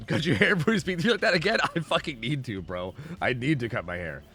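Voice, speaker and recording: A man's voice: medium pitch, animated, fairly quick, pushed and bright, husky, faint music behind. A man streaming a game live, rambling and swearing casually as he answers viewers' questions. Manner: rambling, profane, chatty, answering chat questions.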